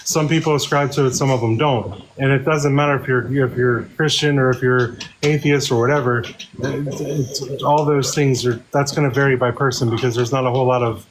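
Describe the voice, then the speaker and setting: Man, debate moderator, measured and explanatory, middle pitch. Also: steady tone, a little hiss or hum, rough recording. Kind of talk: live online debate.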